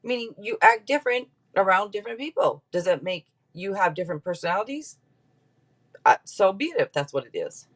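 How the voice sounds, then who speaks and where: A woman giving a casual tarot reading on a live stream, chatty and quick to laugh as she talks straight to her viewers. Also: mid-range voice, big pitch swings. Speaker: tarot reader.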